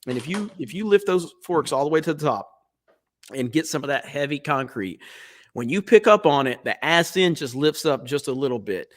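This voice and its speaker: A man in his forties spins long, loose stories on a podcast, swearing freely and laughing at his own punchlines. His speaking voice sits a little higher than most men's. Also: lively intonation, moderate pace. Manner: profane, rambling storyteller with laughs. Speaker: podcast co-host. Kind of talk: casual chat.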